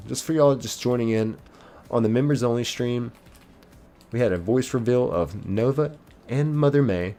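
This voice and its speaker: A man's voice: mid-range voice, normal speed, dark tone. A man streaming a game live, chatting casually and reading viewer comments aloud.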